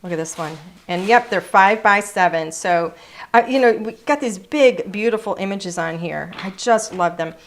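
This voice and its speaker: A woman's voice: mid-range voice, moderate pace, slight background noise. A woman presenting craft products in a casual, chatty showcase, gushing over each item and sometimes hunting for words.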